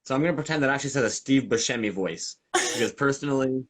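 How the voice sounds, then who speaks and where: A male host of a live stream Q&A, speaking with a medium-pitched voice. He is talkative and enthusiastic, meandering through his thoughts in a relaxed chat. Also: fast.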